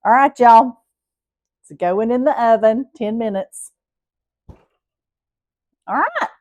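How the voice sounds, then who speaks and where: A woman's voice: a little high, unhurried, a little mellow, no room sound, dull audio. A middle-aged woman with a Southern US accent hosts a casual cooking vlog, chatting to viewers in a homey way. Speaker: cooking show host.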